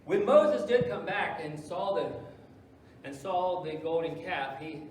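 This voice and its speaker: Pastor, male, sermon delivery with big loud-soft swings, heard from far off in a very echoey church. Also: a little high, measured pace, a little hiss or hum. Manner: dramatic swings between loud emphasis and hushed asides. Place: church sanctuary.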